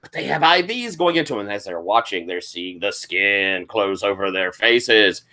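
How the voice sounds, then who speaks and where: Lively storytelling man running a game. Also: on the low side, normal speed. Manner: animated storyteller, acts out quotes and sound effects. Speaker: game master. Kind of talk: recapping a tabletop game session.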